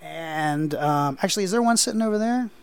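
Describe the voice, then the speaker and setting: A male podcast co-host talks into a headset in a small home studio. His voice sits a little high for a man. He rambles and hesitates, filling gaps with ums and uhs. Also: animated, fairly quick, gravelly, clean tone. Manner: rambling, hesitant with many fillers. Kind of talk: casual podcast chat.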